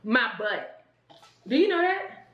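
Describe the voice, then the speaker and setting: A woman playing a couples game on a vlog, chatty and quick to laugh, talking straight to viewers. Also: a little high, big pitch swings, reverberant, muffled recording. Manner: chatty, laughs often, addresses viewers as y'all. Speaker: couple vlogger.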